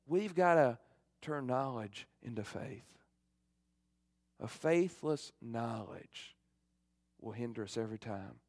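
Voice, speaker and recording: A man's voice: medium pitch, expressive, takes it slowly, vocal fry, pauses often, dry recording, clean studio sound. Fervent male pastor preaching. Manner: fervent, swings from loud to hushed. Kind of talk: sermon.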